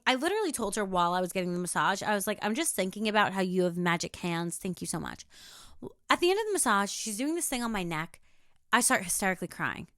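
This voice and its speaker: A young woman hosting a podcast, talking casually on her own, emphatic and animated, swearing freely and acting out the voices of people she quotes. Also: on the high side, no room sound, studio quality. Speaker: podcast host. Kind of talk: casual solo podcast monologue.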